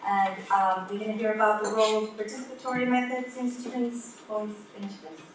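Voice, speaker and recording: A woman's voice: mid-range voice, flat delivery, fast. A woman chairing a conference who introduces the next speaker briefly, with fillers. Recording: roomy, distant mic, noisy.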